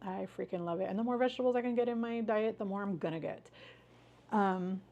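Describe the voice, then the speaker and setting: A woman's voice: mid-range voice, fast talker, warm tone. A woman hosting a casual live stream, chatting with viewers in an upbeat, friendly way, greeting them by name and cheering them on. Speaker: livestream host.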